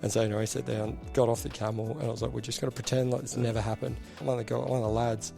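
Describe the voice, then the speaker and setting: A man's voice: mid-range voice, little pitch movement, very fast, creaky, dark tone, soft background music. A middle-aged man, a podcast guest and army veteran telling stories casually, acting out quoted voices and swearing freely. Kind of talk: casual storytelling interview.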